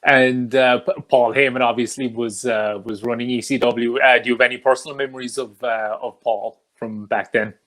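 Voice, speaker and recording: A man hosting an interview, asking questions in a halting way full of "uh" and "um". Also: mid-range voice, steady tone, a bit bright. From Ireland. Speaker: podcast host. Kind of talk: casual interview.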